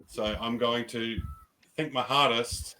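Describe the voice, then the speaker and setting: Slow-talking man, thinking aloud as a player. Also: mid-range voice, steady tone, bright, forceful tone, poor audio. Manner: hesitant, thinking aloud, swears casually. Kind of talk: casual chat in a tabletop game.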